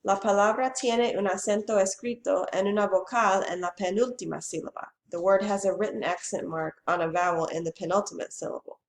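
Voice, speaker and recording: Clear-speaking woman teacher, echoey room. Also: medium pitch, steady tone. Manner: reads each Spanish phrase and then gives the English, slow and clearly spoken. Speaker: Spanish teacher. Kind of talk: bilingual classroom lesson.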